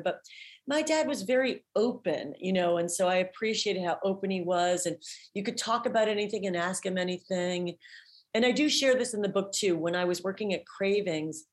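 A woman guest telling animated, chatty stories in an interview, full of restarts. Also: medium pitch. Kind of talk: storytelling in an interview.

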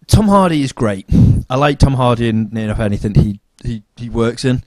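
A man's voice: medium pitch, lively intonation, fairly quick, dry recording. A man co-hosting a casual podcast, enthusiastic, swearing freely and repeating words. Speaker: podcast co-host. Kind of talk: casual chat.

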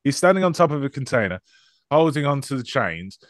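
Male podcast co-host, dry close sound, sarcastic, laughing, lively pitch. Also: brisk, no room sound. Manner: loose, laughing, sarcastic film banter. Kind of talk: casual chat.

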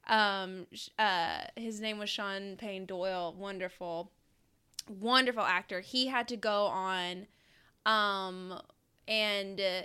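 Young woman, from the south, podcast co-host, casual chat, bright smooth voice. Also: mid-range voice. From American South. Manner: chatty, laughs often, quick restarts.

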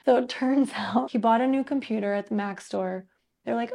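A woman musician as an interview guest, chatting casually and telling stories in an animated way, laughing often and using many fillers. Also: fairly high pitch, moderate pace, gravelly.

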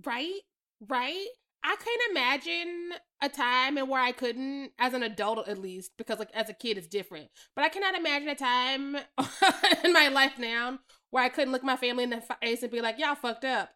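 A woman's voice: high voice, normal speed. A woman co-hosting a podcast, chatting casually about a film, laughing often and quoting her own reactions. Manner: laughs often, relaxed storytelling with quoted reactions. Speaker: podcast co-host. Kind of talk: casual chat reviewing a film.

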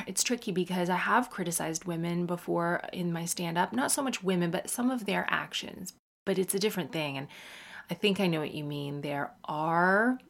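A woman's voice: fairly low pitch, creaky. A woman in her thirties with a General American accent, hosting a podcast and chatting casually, full of self-mocking asides. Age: 30s. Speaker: podcast host and comedian.

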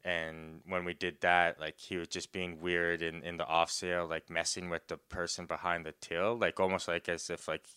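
A young man tells a rambling story in a low, bright, crisp voice, stuffing "like" into every pause. He often breaks off to laugh. The close mic gives a dry, roomless sound. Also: level tone, no echo. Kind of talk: casual storytelling chat.

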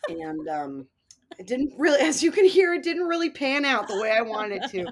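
Very animated and high-pitched, this woman co-hosts a podcast and chats casually about films at a moderate pace, swearing a lot and poking fun at herself with wry humor.

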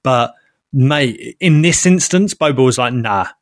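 A man's voice: medium pitch, a little slow, no room sound, studio quality. A man co-hosting a podcast in laid-back casual chat, repeating himself for emphasis. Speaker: podcast co-host.

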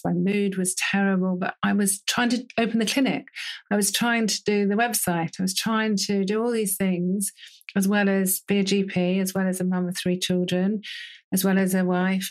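A British woman in her forties, a doctor giving an interview, telling her story in a lively way and often laughing. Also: mid-range voice, normal speed. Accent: British English. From United Kingdom. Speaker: interview guest, GP and menopause specialist. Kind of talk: casual interview conversation.

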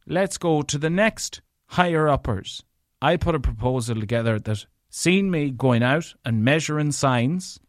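A man's voice: a little high, lively intonation, a little slow, dry recording, studio quality. A man with an Irish accent hosting a podcast, telling an angry, profane story on his own. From Ireland. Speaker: podcast host. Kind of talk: solo storytelling rant.

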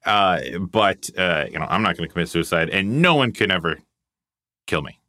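A man's voice: low-pitched, lively intonation, normal speed, pushed and bright, no room sound, studio quality. A man co-hosting a podcast, chatting casually and joking irreverently. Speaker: podcast co-host. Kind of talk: casual chat.

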